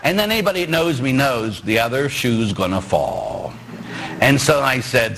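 A man who is a Catholic priest, preaching a sermon with animated storytelling and sudden shouts. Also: mid-range voice, normal speed, vocal fry, a little hiss or hum. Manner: animated storytelling, acts out dialogue, bursts into shouts.

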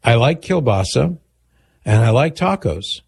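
A man hosting a call-in radio talk show, reading listener emails aloud and answering them in a measured, conversational way. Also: medium pitch, big pitch swings, gravelly, a little mellow, soft background music.

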